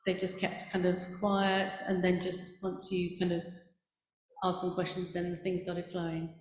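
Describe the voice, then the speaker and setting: A woman's voice: fairly low pitch, monotone, unhurried, a little hiss or hum. A woman in the audience politely and tentatively asking the panel a question. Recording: echoey hall with faint ambience, off mic.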